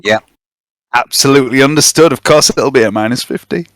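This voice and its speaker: A man's voice: medium pitch, brisk, fairly bright tone, no room sound. A man chatting casually as a player at a tabletop game, wry and joking. His voice sits in a middle register, recorded dry and close.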